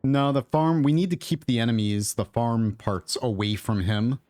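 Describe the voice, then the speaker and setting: Using his own desk mic, a man streams a game and gives casual commentary, thinking out loud and wandering off into mutters and asides. His darkish mid-range voice moves at a normal speed, with no echo.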